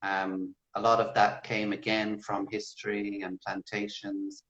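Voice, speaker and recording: A man with an Irish accent, a guest in a casual interview, explaining and demonstrating accents in a measured way. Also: lowish voice, flat delivery, a bit bright, highs cut off. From Ireland. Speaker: guest language expert.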